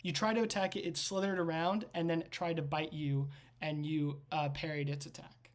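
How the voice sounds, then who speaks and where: A woman's voice: low-pitched, flat delivery, normal speed. A woman game master narrating a tabletop game with vivid, rambling storytelling. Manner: vivid storytelling with frequent restarts.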